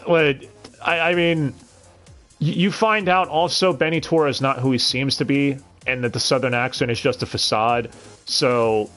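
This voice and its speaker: A man's voice: medium pitch, fairly even intonation, moderate pace, a bit bright, faint music behind. A man reviewing an anime dub on a live stream, talking casually with frequent stammered restarts and blunt, profane sarcasm.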